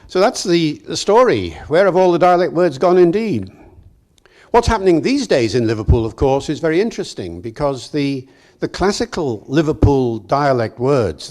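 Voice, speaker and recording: An older man from Wales giving a lively, anecdotal public lecture in a hall, chuckling now and then. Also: mid-range voice.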